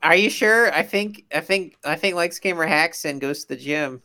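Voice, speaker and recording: A young man co-hosting a casual podcast, talking in a halting, self-interrupting way. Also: fairly high pitch, sharp tone. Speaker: podcast co-host. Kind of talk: casual chat.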